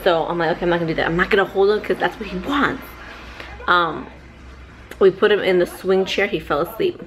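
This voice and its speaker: A woman, a mother, telling a lively casual vlog story at home to a handheld camera, adding playful sound effects. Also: fairly low pitch, fairly quick. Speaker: vlogger and mother.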